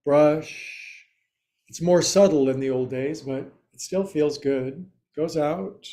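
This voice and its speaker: A man guiding a yoga class, giving slow cues with playful, quirky asides. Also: a little high, warm tone. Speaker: yoga teacher.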